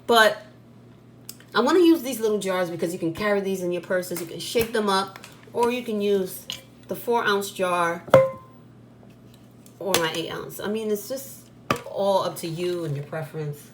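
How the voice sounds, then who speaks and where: Her mid-range voice moves at a normal speed, broken up by frequent pauses. She runs a spiritual supply shop and hosts a channel, delivering a blunt, scolding, repetitive talk straight to camera in a casual vlog recorded in an echoey room with faint background noise.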